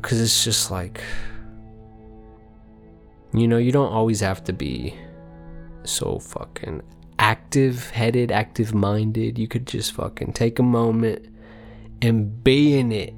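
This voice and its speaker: A man's voice: lowish voice, takes it slowly, long pauses, faint music behind. A man hosting a casual solo podcast, rambling and swearing, and often mocking himself. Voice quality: raspy put-on voice at times. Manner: rambling, profane, self-mocking. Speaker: podcast host.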